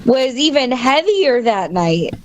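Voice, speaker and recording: A woman's voice: high voice, very animated, slow. A woman with a Wisconsin accent, a band guest chatting casually, laughing often and saying um a lot. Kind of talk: casual chat.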